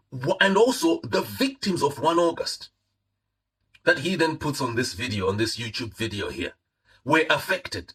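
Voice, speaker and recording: A man's voice: medium pitch, pushed and bright, breathy edge, low-quality recording. A man with a Zimbabwean accent giving heated live-stream political commentary, repeating his points and mixing in Shona phrases.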